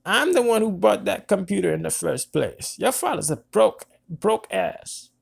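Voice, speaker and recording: A woman's voice: animated, measured pace, vocal fry, slightly rough, soft background music, full character voice. A man voicing a scornful, intoxicated woman who taunts and repeats herself. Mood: mocking. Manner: taunting, repetitive, high-pitched mimicry. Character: scornful drunk woman bragging about paying.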